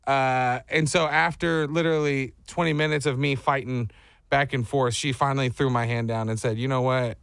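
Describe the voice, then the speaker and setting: A man's voice: medium pitch, normal speed, vocal fry, no echo, clean studio sound. A man in his thirties telling a story in casual chat as a show co-host, acting out the voices. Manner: animated, acts out voices in his stories.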